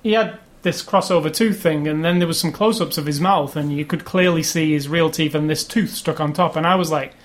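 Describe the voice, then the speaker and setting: A man co-hosting a casual movie review chat, rambling and opinionated, getting animated when he complains. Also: on the high side, fairly quick, few pauses. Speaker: podcast co-host.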